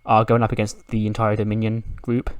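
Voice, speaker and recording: A man's voice: lowish voice, completely flat delivery, fairly quick, smooth, no room sound. A man casually recapping a wrestling simulation game in a loose, chatty way, swearing offhand. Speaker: game video creator.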